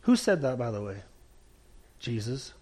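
Delivering a sermon a little slowly and with big swings in pitch, a male pastor speaks emphatically. Before the communion prayer, he drops to quiet, low lines to drive his points home.

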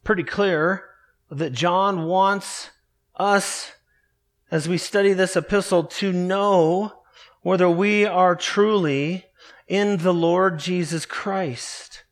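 A man preaching a morning sermon, earnest and emphatic, slowing down to stress key words. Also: high voice, fairly bright tone. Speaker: pastor.

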